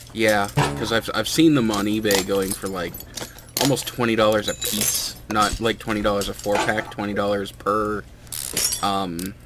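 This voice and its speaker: Young man, low-pitched, rambling and self-deprecating, noisy home recording with clinks. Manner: hesitant, filler-heavy, self-deprecating. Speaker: hobbyist vlogger. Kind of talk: casual rambling chat.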